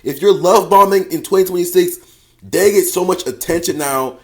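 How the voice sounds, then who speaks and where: Give me a male dating coach with a slightly high voice, talking slangy, emphatic, and profane. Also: moderate pace. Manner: repeats phrases and addresses listener as bro. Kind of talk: casual advice monologue.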